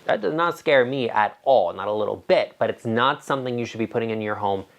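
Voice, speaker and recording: A man who works as an interior designer, giving emphatic, opinionated advice straight to the camera in a casual way, with animated asides. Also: mid-range voice, fairly quick.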